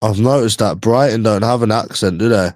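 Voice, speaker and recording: Chatting casually with viewers, a young man from East London speaks in that area's accent, slangy and rambling and often repeating himself. His voice is lowish, brisk, and darkish in tone, with no room sound.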